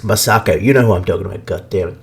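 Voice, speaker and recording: A man's voice: low voice, rapid-fire, vocal fry, breathy edge. Profane ranting man talking games. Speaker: podcast host. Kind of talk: casual gaming rant.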